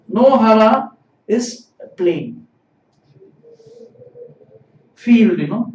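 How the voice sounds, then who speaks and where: A man's voice: sits high, expressive, very slow, pauses often, darkish tone. A man teaching a live-streamed language lesson, explaining patiently and repeating phrases. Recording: roomy, distant, dull sound.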